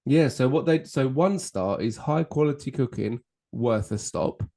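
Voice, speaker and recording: A man co-hosts a casual podcast chat at an ordinary middle pitch. He is relaxed and rambling, drops in casual swearing, and often trails off mid-thought. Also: a little slow, creaky. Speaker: podcast co-host.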